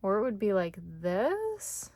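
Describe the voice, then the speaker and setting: A woman teaching card making in a casual, chatty way, thinking aloud as she works and getting excited over small wins. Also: mid-range voice, slow pace, no room sound. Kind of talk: casual craft tutorial chat.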